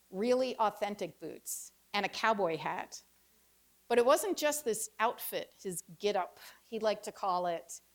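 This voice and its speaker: A woman in her fifties performing a reflective personal essay with wry storytelling and pauses. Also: mid-range voice. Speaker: author giving a reading.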